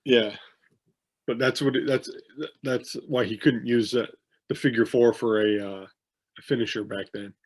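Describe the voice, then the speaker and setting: A man's voice: medium pitch, fairly even intonation, moderate pace. A man co-hosting a podcast, telling rambling anecdotes with many restarts and fillers in a casual chat. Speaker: podcast co-host, wrestling promoter.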